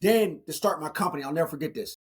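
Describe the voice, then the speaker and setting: Husky-voiced man telling his story. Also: fairly high pitch, fast. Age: 40s. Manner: animated storyteller, acts out dialogue. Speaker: keynote speaker guest. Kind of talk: storytelling interview.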